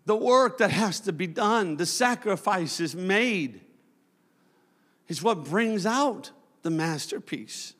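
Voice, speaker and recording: A man preaching a sermon as pastor, with impassioned delivery that swells into shouts. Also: high voice, lively intonation, takes it slowly. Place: church sanctuary. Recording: long church hall reverb.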